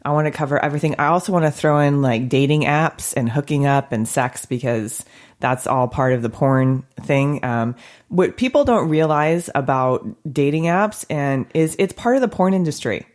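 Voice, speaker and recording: A woman's voice: sits low, expressive, normal speed, darkish tone. Playful, laughing woman podcast host. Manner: laughs often, playful and frank. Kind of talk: casual podcast chat. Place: studio.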